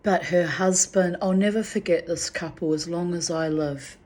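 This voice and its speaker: Frank, rambling middle-aged woman, lowish voice. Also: a little mellow. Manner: rambling, frank, swears freely, restarts often. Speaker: vlogger recounting personal memories. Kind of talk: candid spoken reflection.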